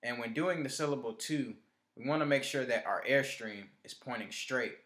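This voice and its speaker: A man teaching beginners how to play trumpet in a clear instructional lesson. He explains each step in order and counts the listener in before each try. His voice sits at an ordinary pitch and rings in a roomy, echoey space. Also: moderate pace, a bit bright.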